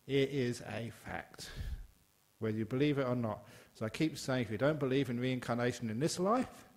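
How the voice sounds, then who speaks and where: An older man from England gives a Buddhist dharma talk to a gathered audience. His voice sits at an ordinary middle pitch, and he talks in a relaxed, joking way. He jumps sharply upward for emphasis, then drops back low and quiet. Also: moderate pace. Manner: humorous, conversational, emphatic with sudden rises in pitch.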